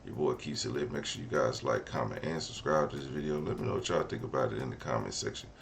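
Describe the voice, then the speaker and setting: Very deep, gravelly-voiced hype host. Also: male voice, quick pace, a little hiss or hum. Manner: energetic, slangy, hype. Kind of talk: hyped vlog commentary.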